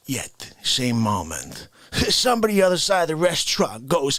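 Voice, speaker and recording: A man hosting a live comedy stream, ranting in an animated way and swinging between shouts and whispers. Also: sits high, unhurried. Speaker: livestream comedy host. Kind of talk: unscripted comedic rant.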